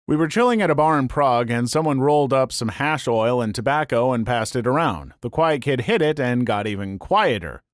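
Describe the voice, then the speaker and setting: A man narrating online stories in a scripted, lively and comic way. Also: mid-range voice, a little fast, few pauses, no echo, studio quality. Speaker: story narrator.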